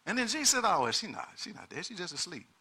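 A man delivering a sermon with a very bright, cutting tone. His voice sits a little high for a man. He talks in an animated way, stacks up repeated words and acts out the people in his story. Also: fast talker, husky. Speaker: preacher.

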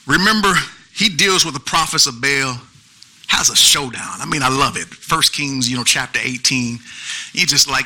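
A pastor preaching an animated sermon with features, calling out to the congregation. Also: male voice, mid-range voice, moderate pace, rough recording. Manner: animated preaching with call-and-response asides.

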